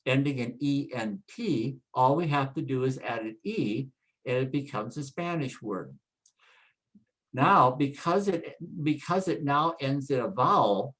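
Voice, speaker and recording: A man teaching Spanish pronunciation from slides, slowly repeating each word so learners can follow. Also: mid-range voice, low-quality recording. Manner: slow, deliberate, repeats words for practice. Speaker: Spanish instructor. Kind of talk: slide-based pronunciation lesson.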